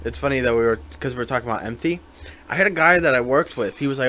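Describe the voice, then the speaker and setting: A man's voice: medium pitch, very fast, sharp tone. A man co-hosting a casual podcast, rambling through stories and acting out what people said. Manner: rambling storyteller, acts out quoted lines, many "like"s. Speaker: podcast co-host. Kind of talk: casual chat.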